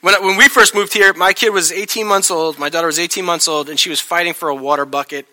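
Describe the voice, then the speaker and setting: A man's voice: a little high, quick pace. A man preaching a sermon as pastor of his church, telling stories animatedly and acting out the people in them. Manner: animated storytelling, acting out voices.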